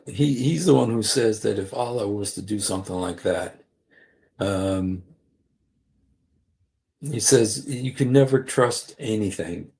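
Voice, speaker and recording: A man's voice: lowish voice, creaky, darkish tone. A man hosting a casual livestream, rambling with many fillers and restarts. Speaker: livestream host.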